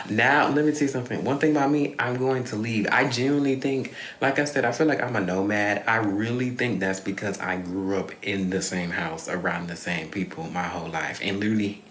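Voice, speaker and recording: A man's voice: fairly low pitch, a bit bright, slight background noise. A young man talking candidly in a rambling confessional vlog, swearing freely and sighing often. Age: young adult. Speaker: vlogger. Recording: echoey room.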